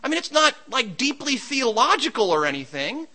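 Male preacher, high and very bright voice, conversational sermon delivery with storytelling. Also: big pitch swings, moderate pace, poor audio. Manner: storytelling, shouts during a comic anecdote.

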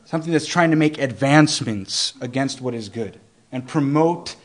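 A young man giving an informal Bible teaching, earnest and conversational, often restarting phrases and slowing down to stress scripture. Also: medium pitch. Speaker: preacher.

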